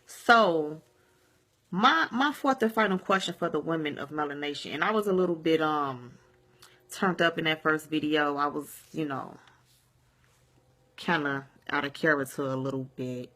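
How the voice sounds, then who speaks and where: Bright-voiced woman ranting on a home vlog. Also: sits low, moderate pace. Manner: rambling and repetitive, keeps saying "you see what I'm saying", swears freely. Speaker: vlogger. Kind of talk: casual vlog rant. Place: at home at day's end, sage and candles burning.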